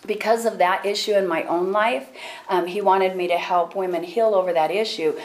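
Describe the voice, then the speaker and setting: A woman leading a women's ministry, sharing a personal testimony with an audience in an animated storytelling way. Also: medium pitch, normal speed, low-quality recording. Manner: animated storytelling, acts out her own prayers and other people's words; laughs often while telling.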